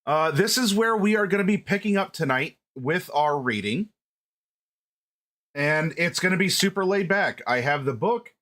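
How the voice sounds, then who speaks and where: A man's voice: fairly high pitch, animated, moderate pace, fairly bright tone. A man hosting a livestream in a playful, chatty way. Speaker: livestream host. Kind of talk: casual livestream chat.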